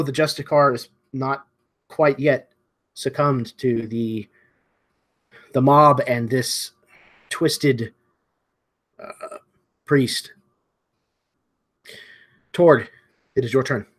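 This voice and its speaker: A man running a tabletop game as dungeon master, narrating scenes in a loose, descriptive way with many fillers. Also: mid-range voice.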